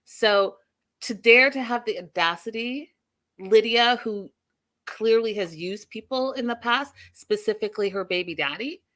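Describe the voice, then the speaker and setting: A woman's voice: fairly high pitch, measured pace. A woman hosting a casual recap and review, giving her opinions openly and speaking straight to her viewers. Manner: opinionated, animated, addresses viewers directly. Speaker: host.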